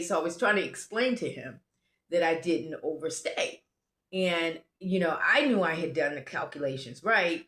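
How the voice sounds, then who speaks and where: A woman's voice: low voice, lively intonation, normal speed, fairly bright tone. An American woman telling a travel story casually, rambling and often restarting her sentences. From United States. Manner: rambling, self-interrupting, restarts. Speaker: travel vlogger. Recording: roomy echo.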